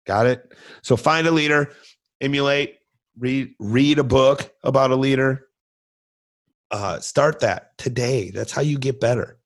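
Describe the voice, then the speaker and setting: Middle-aged male coach, mid-pitched voice, blunt and repetitive, plain motivational host. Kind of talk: motivational casual talk.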